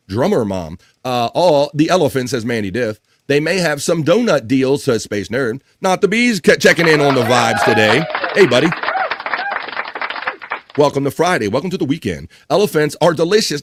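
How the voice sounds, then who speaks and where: A man's voice: mid-range voice, dry recording, clean studio sound. A man hosting a live stream, chatting casually and reading viewer comments aloud.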